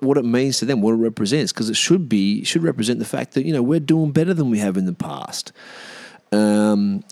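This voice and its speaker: A man's voice: fairly low pitch, a little mellow, no echo. An Australian man hosting a solo podcast rant from inside a caravan, blunt and swearing freely, with lots of "mate" and restarts as he thinks aloud. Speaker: podcast host. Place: in a caravan with the doors open.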